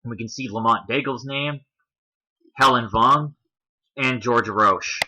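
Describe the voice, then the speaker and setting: A man's voice: mid-range voice, measured pace, sharp tone, slight background noise, low-quality recording. A man hosting a commentary video, talking through a list on screen in a casual explaining way, with a Canadian accent.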